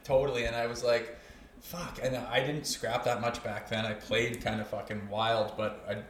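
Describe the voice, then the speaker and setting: A man's voice: medium pitch, little pitch movement, normal speed, echoey room, crowd noise. A man, a podcast guest, telling stories in loose, profane casual chat. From Canada (Olds, Alberta). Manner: loose and profane, swears constantly. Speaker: podcast guest, former hockey player.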